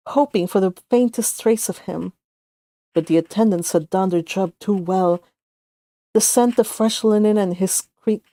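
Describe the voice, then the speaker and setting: A woman reading her own romantic story aloud, soft and emotive, now and then correcting herself mid-line. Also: medium pitch, no echo. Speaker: fanfic author and reader. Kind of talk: storytelling narration.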